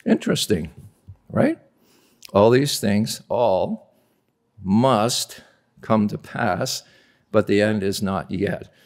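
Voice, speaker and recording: Guy preaching at a pastors convention, kinda low gravelly voice, hammers words over and over. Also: animated, takes it slowly, long pauses. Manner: emphatic, repeats key words for stress. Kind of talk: sermon. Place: convention hall.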